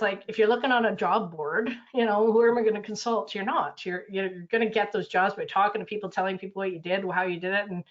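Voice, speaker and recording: A woman's voice: mid-range voice, lo-fi sound. A woman coach, talking casually on a video call and acting out quotes, with lots of fillers. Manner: chatty, loose, full of fillers, acts out quotes. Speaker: consultant and coach. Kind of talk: casual webinar talk.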